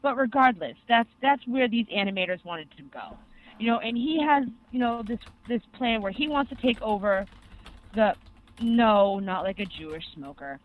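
A young adult co-host excitedly rambling through an anime recap in casual podcast chat, full of fillers. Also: mid-range voice, moderate pace, a little hiss or hum. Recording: tinny phone-like sound.

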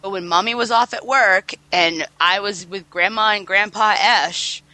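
A woman with a bright, sharp voice tells a casual story, laughing between lines and swearing freely. The sound is close and dry, with no room echo. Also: mid-range voice, a little slow. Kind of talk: casual chat.

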